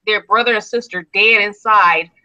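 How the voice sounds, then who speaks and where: A woman's voice: mid-range voice, moderate pace, sharp tone. A woman hosting a casual discussion, blunt and outspoken in an indignant tone. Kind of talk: casual chat. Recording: dull lo-fi sound.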